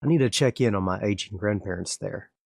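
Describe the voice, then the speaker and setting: A man's voice: fairly low pitch, a little fast, vocal fry, a little mellow, dry recording, studio quality. A man voicing a weary young male adventurer who speaks plainly.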